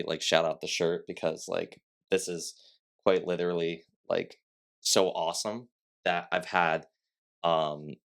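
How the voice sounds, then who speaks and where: A young man, a podcast guest, telling stories in casual chat, sniffly, with lots of "like" fillers and acted quotes. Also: sits low.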